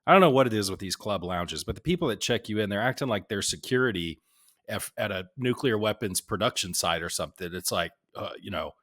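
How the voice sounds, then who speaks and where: A man's voice: on the low side, expressive, a little fast, a bit bright. A man co-hosting a podcast, grumbling through a travel story in casual chat. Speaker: podcast co-host.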